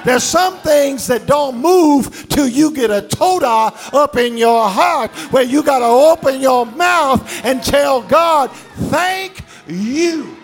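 Male pastor with a high, gravelly voice, preaching loud with call-and-response, faint music underneath. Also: slow pace, hardly any pauses. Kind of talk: sermon.

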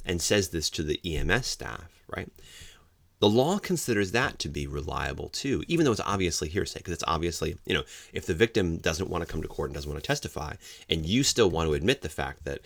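A middle-aged man teaches police officers about hearsay in a lecture. His voice sits extremely low and has a gravelly fry. He explains patiently and breaks into loud, acted-out quotes, recorded dry and close. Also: sing-song, normal speed, no room sound. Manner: explanatory, acts out quoted examples with sudden loud outbursts. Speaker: legal trainer for law enforcement.

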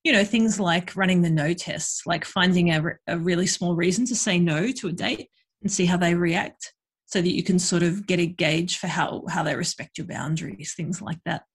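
Frank, husky woman. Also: fairly low pitch, normal speed. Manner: frank, chatty, lots of fillers. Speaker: guest, sex worker and educator. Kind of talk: casual podcast conversation.

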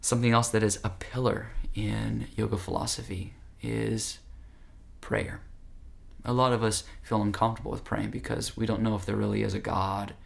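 A man's voice: on the low side, little pitch movement, moderate pace, gravelly. A man teaching yoga philosophy in an earnest, conversational, direct way. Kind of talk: spiritual talk.

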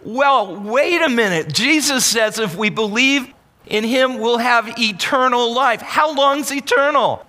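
Pastor, male, high bright voice, emphatic sermon delivery with call-and-response, large reverberant hall. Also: animated, a little slow. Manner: emphatic, calls on the congregation to answer.

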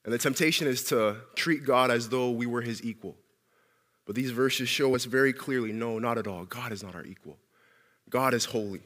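A man preaching a sermon as pastor, animated, calling out questions for listeners at home to answer. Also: mid-range voice, normal speed, long reverb tail.

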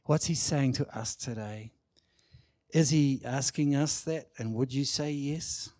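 A man preaching a sermon, emphatic and animated, acting out quoted lines. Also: medium pitch, a little slow, no room sound, studio quality. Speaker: pastor.

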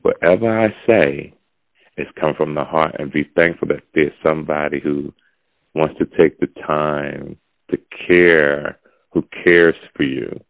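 A man's voice: a little slow, a bit bright, dry recording. A man hosting a podcast, giving a blunt, preachy opinion monologue in casual talk. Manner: blunt, preachy, gravelly and low. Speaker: podcast host. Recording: dull lo-fi audio.

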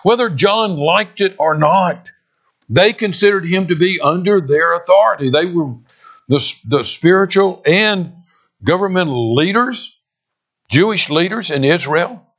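A man preaching a sermon, expressive, with dramatic pauses and emphatic quoted lines. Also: high-pitched. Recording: dull lo-fi sound.

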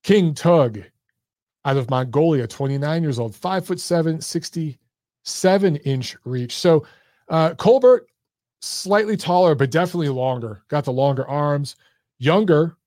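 A man's voice: fairly high pitch, animated, unhurried, darkish tone, no echo, clean studio sound. A man hosting a boxing chat stream, talking bluntly and profanely straight to his viewers while losing his voice. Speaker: boxing show host. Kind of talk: casual live-stream chat.

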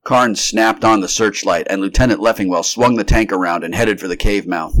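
A man giving an unrehearsed, steady, measured reading of a vintage science fiction story. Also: lowish voice. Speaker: narrator.

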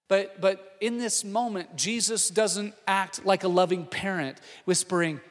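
High-voiced pastor preaching in an echoing hall. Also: male voice, unhurried, few pauses. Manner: animated storytelling, shifts from hushed to shouting. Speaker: lead pastor. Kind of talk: sermon. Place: church auditorium. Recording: long hall reverb with faint music.

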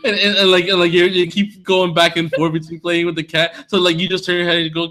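A man's voice: high-pitched, little pitch movement, fast, few pauses, sharp tone. A man co-hosting a podcast in casual chat, laid-back and slangy, often restarting his sentences. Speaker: podcast co-host.

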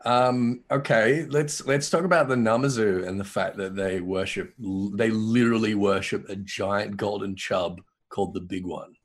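A man's voice: on the low side, fairly even intonation, a little slow, few pauses. A man co-hosting a casual gaming chat, joking and trailing off as he repeats his words.

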